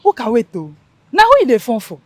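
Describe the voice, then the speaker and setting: A sly young schemer who goads her friends with a Pidgin-tinged lilt. Her voice is fairly high and lively, recorded dry. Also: brisk, dry recording. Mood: goading. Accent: Nigerian Pidgin-tinged English. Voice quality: teasing, goading. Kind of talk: film drama acting.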